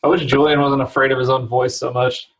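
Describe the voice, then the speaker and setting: A man's voice: mid-range voice, flat delivery, fast, a bit bright, low-quality recording. A young man from the San Francisco area, a podcast guest telling rambling stories full of laughter and fillers. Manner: rambling storyteller, laughs often, many likes. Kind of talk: casual chat.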